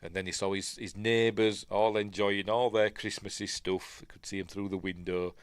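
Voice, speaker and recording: Yorkshire bloke rambling through a film breakdown, lowish voice, dry close sound. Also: male voice, fairly even intonation, moderate pace, clear, resonant tone, no echo. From Yorkshire, England. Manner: rambling, digressive, full of fillers. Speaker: film reviewer. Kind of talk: casual film breakdown commentary.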